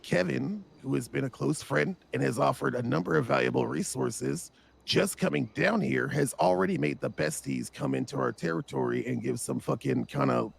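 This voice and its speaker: Gravelly, urgent man in a roleplay. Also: mid-range voice. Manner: urgent, insistent, swearing, repeats "brother". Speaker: roleplay gang member. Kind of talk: in-character GTA roleplay.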